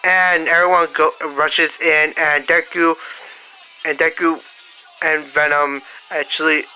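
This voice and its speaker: A fan storyteller improvising a story out loud, halting with many fillers and restarts. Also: medium pitch, level tone, faint music behind, poor audio. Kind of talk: improvised fan-fiction narration.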